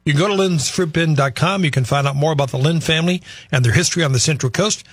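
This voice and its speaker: A male radio host with an upbeat, promotional delivery and a slightly husky, higher-pitched voice. He is recorded close and dry in a studio. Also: quick pace, no room sound. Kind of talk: casual radio talk.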